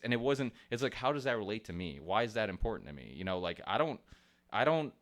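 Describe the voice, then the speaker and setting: A man's voice: lowish voice, very animated, fast talker. A man hosting a podcast in casual chat, rambling with many restarts, swearing and laughing easily. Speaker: podcast host.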